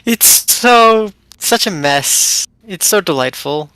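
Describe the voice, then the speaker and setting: A woman guest in a casual gaming chat, talking in an animated, sarcastic way. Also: medium pitch, slow pace, smooth, no echo.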